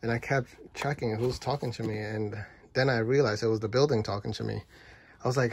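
A man's voice: mid-range voice, fairly even intonation, a little fast, husky. A man reviewing food and telling a rambling, casual story full of fillers.

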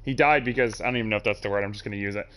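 A man streaming a game live, chatting in an animated, joking and profane way. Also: lowish voice, racing. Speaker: gaming streamer. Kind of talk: casual live-stream commentary.

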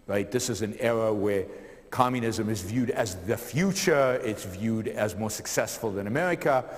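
Man lecturing in a reverberant hall. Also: mid-range voice. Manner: energetic storyteller with many fillers and repeated words. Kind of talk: public lecture storytelling.

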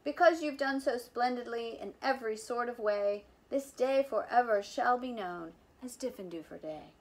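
A woman's voice: on the high side, normal speed, close to an everyday voice. A woman reading as a fretful old principal. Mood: proud. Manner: anxious, mournful storybook delivery. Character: fretful, tearful male school principal.

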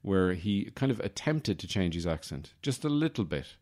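A man with a very low, deep voice hosts a comedy podcast. He rambles from one aside to the next in a wry, self-deprecating way, often catching and correcting himself. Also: sing-song, moderate pace, a little mellow. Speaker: podcast host.

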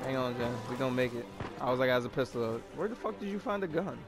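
A young man giving loud, joking, profane commentary while playing a video game. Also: medium pitch, expressive, fast talker. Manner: loud, joking, swears often. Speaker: gaming channel host. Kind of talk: casual gameplay commentary. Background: game music and gunfire.

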